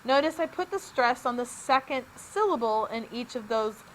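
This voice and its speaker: A woman's voice: a little high, lively intonation, normal speed, slight background noise, rough recording. A woman teacher giving a recorded lesson, upbeat and explaining each step plainly.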